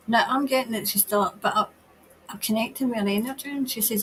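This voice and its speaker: A woman tarot reader doing a psychic reading on a livestream. She talks in an emotional, halting way and sometimes drops to a whisper. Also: on the high side, steady tone, a bit bright, a little hiss or hum, low-quality recording.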